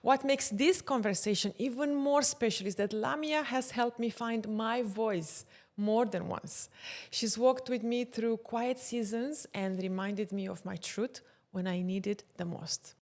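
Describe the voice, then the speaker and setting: A woman's voice: on the high side, unhurried, few pauses. Heartfelt woman hosting a podcast. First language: not English. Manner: warm heartfelt introductions, excitable when retelling stories. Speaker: podcast host. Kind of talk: podcast interview.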